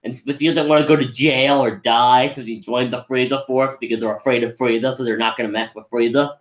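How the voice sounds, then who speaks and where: A man's voice: mid-range voice, steady tone, a little fast. Rambling man recapping a movie, roomy sound. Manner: rambling, many restarts and "like", acts out quotes. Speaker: movie reviewer.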